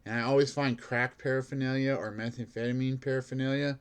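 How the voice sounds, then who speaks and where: A man's voice: medium pitch, flat delivery, fast, smooth. A man who works as a bank security guard, telling a rambling story in a casual monologue, filled with "like" and laughing at himself.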